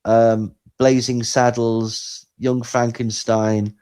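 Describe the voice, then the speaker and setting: A man co-hosting a podcast, talking in animated, sarcastic commentary that swings between loud and quiet. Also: medium pitch, takes it slowly. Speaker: podcast co-host. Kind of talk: casual commentary chat.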